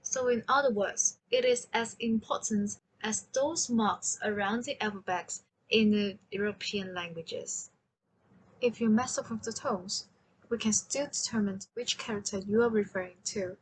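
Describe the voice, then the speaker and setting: A woman teaching a language lesson, slowly and carefully demonstrating sounds and tones. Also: medium pitch, a little hiss or hum, poor audio.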